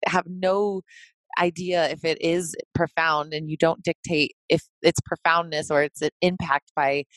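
Low-voiced woman podcast host, dry sound. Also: steady tone, normal speed, no room sound. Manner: candid, reflective, swears casually. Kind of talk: casual podcast conversation.

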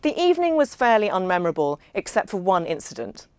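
A woman narrating a novel in the first person, measured and understated. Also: medium pitch, big pitch swings, smooth, no room sound. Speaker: audiobook narrator.

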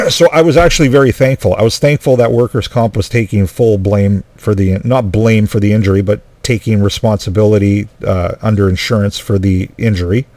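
A man's voice: on the low side, brisk, a little mellow, no echo. A man telling a personal story in a rambling way, full of restarts and asides. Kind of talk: casual storytelling monologue.

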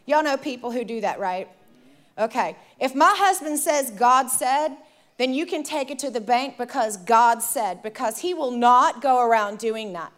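A woman preaching, telling a personal story to the congregation in an animated, conversational way. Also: a little high, moderate pace, faint music behind. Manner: animated, addresses the audience directly, conversational. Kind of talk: sermon storytelling.

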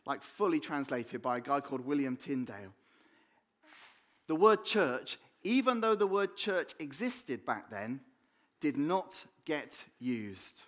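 An English man preaches to his church in a loose, conversational way. He jokes, backtracks and repeats words as he thinks aloud, and his voice sits at an ordinary middle pitch. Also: very animated, measured pace. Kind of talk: sermon. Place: church hall.

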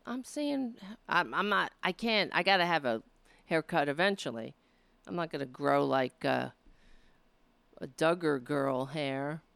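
A woman hosting her own show, rambling and rallying her supporters with a hoarse, cracking voice. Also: sits low, lively intonation, measured pace, a bit bright, dry recording. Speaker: livestream show host. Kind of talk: casual livestream chat.

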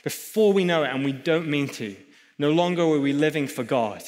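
A man's voice: on the high side, expressive, normal speed. A man preaching a sermon in a church hall, emphatic, with chatty asides to the congregation. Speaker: pastor.

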